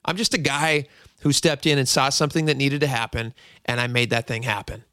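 Jokey, bright-voiced male radio host. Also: mid-range voice, fairly even intonation, fairly quick, clean tone, dry recording, studio quality. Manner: jokey, self-mocking, chatty. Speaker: radio talk show host. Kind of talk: casual talk radio.

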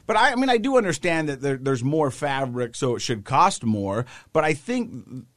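Animated male storyteller, dry close sound. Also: mid-range voice, normal speed, dry recording. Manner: animated storyteller, acts out the people in his story. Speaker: co-host. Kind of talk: casual chat.

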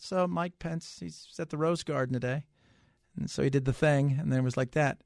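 A high-pitched man hosts a talk radio show. He jokes, gets animated and often restarts his sentences. His voice is dry and close to the studio mic. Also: moderate pace, vocal fry, dry recording. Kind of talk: casual talk radio commentary. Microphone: studio microphone.

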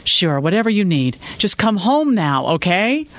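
Casting: unflappable veteran crime reporter husband, read by the narrator, slightly high voice, a little showy. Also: male voice, unhurried, heavily acted. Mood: pleading. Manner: calm, a bit showy. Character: seasoned male crime reporter, calm husband. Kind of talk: storytelling dialogue.

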